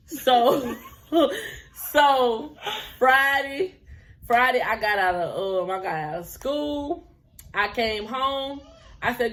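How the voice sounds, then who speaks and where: A woman's voice: fairly high pitch, measured pace, fairly bright tone. A woman in her twenties telling a personal story to her viewers in a casual, chatty way. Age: 20s. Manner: chatty, laughs often, drifts into quoted dialogue.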